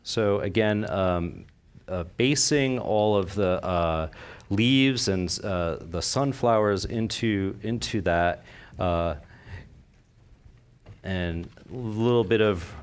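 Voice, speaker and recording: Speaking slowly in a smooth, lowish voice, a man demonstrates floral design live at a convention, talking with enthusiasm to the audience and often putting questions to them.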